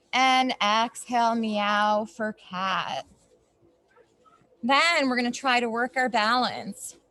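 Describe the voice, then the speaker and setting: A young woman leading a yoga class for children outdoors in a snowy backyard, giving gentle instructions with playful asides. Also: on the high side, slight background noise. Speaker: yoga teacher.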